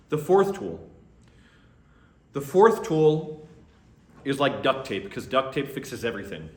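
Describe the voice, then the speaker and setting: A man's voice: mid-range voice, sing-song, measured pace, pauses often. A man, a priest, teaching a class in a conversational way and acting out sample conversations. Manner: conversational, acts out sample dialogue. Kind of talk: lecture to a class. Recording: echoey room.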